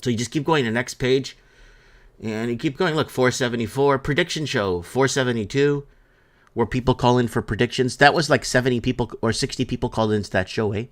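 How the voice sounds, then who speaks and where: A man hosts a live-stream talk show at a middle pitch. His delivery is loose and rambling, and he keeps restating the same point to drive it home. He reads out viewer comments between his own remarks. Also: a little fast.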